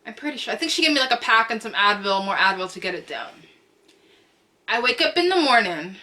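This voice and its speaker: Young woman vlogger, bright voice, lively slangy storytime delivery, home camera setup. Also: a little high, a little fast. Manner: animated, chatty, slangy, repeats phrases for emphasis; acts out quotes with loud cries. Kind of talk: storytime vlog.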